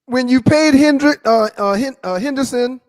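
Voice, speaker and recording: A man with a high-pitched voice co-hosts a sports talk podcast. He sets up topics and presses his partner with pointed questions, leaning on key words. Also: darkish tone. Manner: leading questions, deliberate stresses. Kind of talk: casual sports debate.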